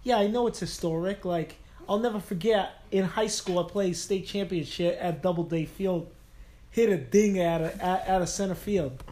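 A man's voice: high-pitched, moderate pace, warm tone, lightly acted. A man doing a brash, boastful New York guy.

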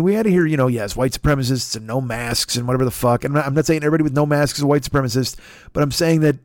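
A man's voice: darkish tone, no echo, studio quality. A man, the host, delivering a heated, profane comedic political rant. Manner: heated, profane, sweeping swings in pitch.

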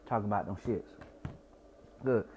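A man's voice: lowish voice, unhurried, narrow, tinny audio, a little hiss or hum. A young man from Georgia with a Southern accent, slightly tipsy, rambling and repeating himself with stutters in a casual profane monologue. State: tipsy from wine.

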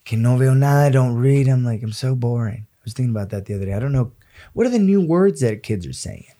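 A man's voice: medium pitch, expressive, fast, mellow. A man co-hosting a podcast, joking casually and slipping in Spanish phrases. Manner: joking, slips Spanish phrases into his talk. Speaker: podcast co-host. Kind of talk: casual chat.

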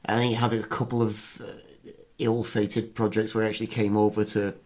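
A man's voice: lowish voice, level tone, a little fast, a little mellow. A man in casual film discussion, hesitant, often repeating words and trailing off.

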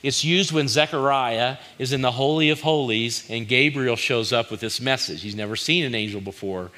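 A man's voice: mid-range voice, moderate pace, bright, forceful tone. A middle-aged male pastor preaching a conversational sermon, firing rhetorical questions at the congregation and acting out quoted lines.

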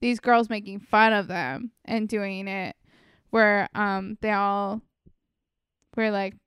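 Giggly woman podcast host, clear voice. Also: mid-range voice, takes it slowly, dry recording, studio quality. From Florida. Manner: giggly, animated storytelling. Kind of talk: casual chat.

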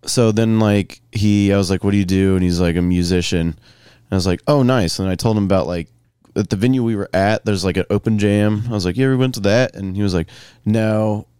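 A young man with a low, smooth and resonant voice tells a story on a podcast. He talks casually and curses freely, acting out each line of dialogue. The sound is close and dry. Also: brisk, no echo. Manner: profane, animated retelling with acted-out quotes. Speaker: comedian podcast co-host.

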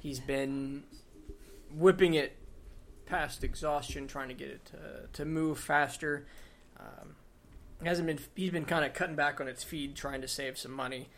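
A man's voice: a little high, fairly even intonation, unhurried, fairly bright tone. A man narrating and explaining rules as dungeon master of a tabletop game, in a loose, chuckling way.

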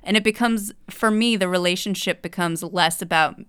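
A woman's voice: fairly low pitch, normal speed, a bit bright, clear, resonant tone, dry recording, clean studio sound. A woman co-hosting a podcast, steering the conversation in a wry, casual way. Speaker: podcast co-host. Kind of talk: casual chat.

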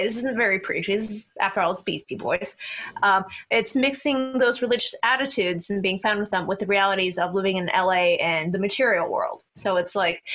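A young woman co-hosting a casual music podcast, animated and quick with jokes and asides. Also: mid-range voice. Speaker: podcast co-host. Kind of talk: casual album review chat.

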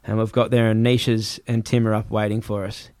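A man telling a travel story in casual chat, animated and swearing, acting out other people's voices. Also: fairly low pitch, a little fast, dry recording.

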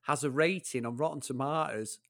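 A man's voice: medium pitch, fairly quick, vocal fry, no room sound, studio quality. Jokey man co-hosting a podcast. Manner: jokey, swearing, laughs often. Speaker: podcast co-host. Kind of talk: casual chat.

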